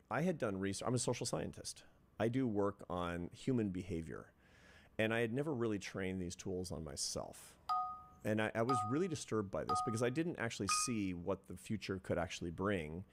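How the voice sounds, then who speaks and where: A man's voice: fairly low pitch, lively intonation, normal speed, noisy background. A middle-aged man, an interview guest and social scientist, telling a reflective story in an earnest, step-by-step way.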